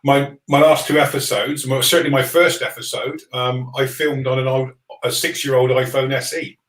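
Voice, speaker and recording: A man who is a livestream guest, telling a story in a measured, hesitant way. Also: medium pitch, fairly even intonation, a bit bright, echoey room, poor audio. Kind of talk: casual livestream chat.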